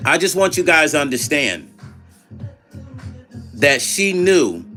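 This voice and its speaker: Man, middle-aged, livestream host, bright slightly high voice. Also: very animated, takes it slowly, pauses often, soft background music. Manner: reads viewer chat aloud and retells calls in quoted dialogue. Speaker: vlog host. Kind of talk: casual livestream storytelling.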